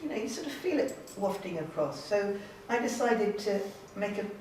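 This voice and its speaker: A woman speaks as an artist giving an informal gallery talk, chatty and self-deprecating with bursts of enthusiasm. Her voice sits at a middle pitch and carries from some distance off the microphone. A heavy echo from the gallery room hangs around every word. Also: expressive, normal speed, darkish tone, slight background noise. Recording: very echoey room, voice from afar.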